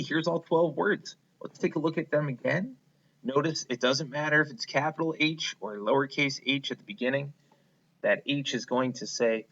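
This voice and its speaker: A kindergarten teacher leads young children through a phonics lesson, patient and encouraging as he asks them to repeat words after him. His mid-range voice sounds pushed and bright, and the audio is dull.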